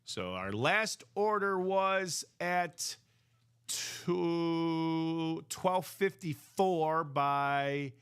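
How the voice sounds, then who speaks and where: Slow, rambling male stream host. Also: a little high, bright, forceful tone, clean tone. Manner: rambling, slow, filler-heavy. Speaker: host of a live card break stream. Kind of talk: casual live-stream chat.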